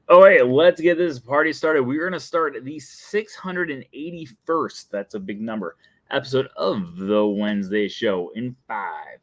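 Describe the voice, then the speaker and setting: A man's voice: lowish voice, dry recording. A young adult man hosting a casual live stream, chatty and playful, often laughing at himself. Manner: playful and chatty, breaks into sung jingle and laughs. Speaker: host.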